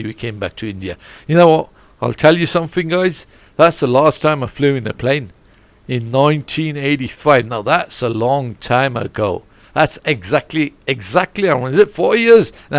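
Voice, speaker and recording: A middle-aged coach hosts his own podcast from his bedroom, talking in a loose, digressive, animated way with the odd mild curse. His voice is mid-pitched with a gravelly edge. The sound is dry and close, with no room echo. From Zambia. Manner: digressive, animated, mildly swearing. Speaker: podcast host and football coach. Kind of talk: rambling solo podcast chat. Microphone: home setup, no studio.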